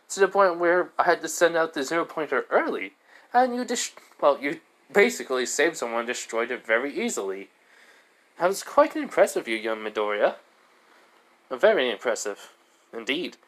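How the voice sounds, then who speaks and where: A small non-human principal with a raised, chirpy voice and a formal, courteous way of speaking, as a man puts him on for a fan story. He praises warmly and chooses his words with care. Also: on the high side, pitched above the performer's own voice. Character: small non-human male school principal, genial and proper. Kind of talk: amateur fan story narration.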